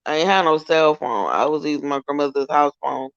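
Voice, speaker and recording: A woman's voice: deep voice, fairly quick, smooth, dry recording. A young woman co-hosting a casual storytime chat, rambling in slang and often correcting herself. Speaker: co-host. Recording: dull lo-fi dry sound.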